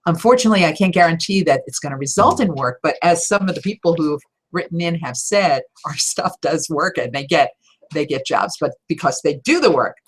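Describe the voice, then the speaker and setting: A slightly low-pitched woman coaches aspiring voice actors in a live question-and-answer session. She talks directly and warmly encouraging, leaning on key words with firm emphasis and slipping in quick laughs. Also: lively intonation, slightly rough. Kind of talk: live Q&A teaching talk.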